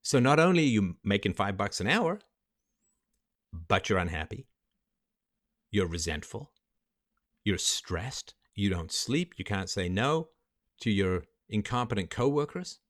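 A man's voice: on the low side, sing-song, a little slow, long pauses, a bit bright. A man hosting a livestream monologue, emphatic and lecturing, walking through numbers step by step. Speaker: livestream host.

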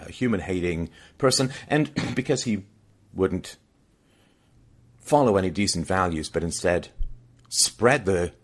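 A man with a very low voice delivering a film review as commentary. He talks emphatically, often repeating a phrase to drive his point home.

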